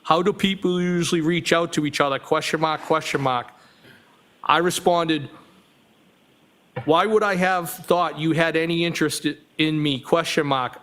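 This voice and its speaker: Man reading testimony aloud in court. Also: fairly high pitch. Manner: flat, measured reading with small self-corrections. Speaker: witness.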